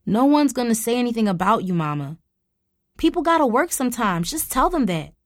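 A woman's voice: fairly high pitch, big pitch swings, brisk, no echo, studio quality, voice pushed up. A woman voicing a guilty, defensive sixteen-year-old girl who pleads with her mother. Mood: pleading. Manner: defensive and hesitant.

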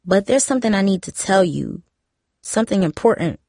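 A woman's voice: medium pitch, lively intonation, brisk, a little mellow, no room sound, studio quality. A woman voicing a prying teenage girl who presses insistently. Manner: insistent, needling.

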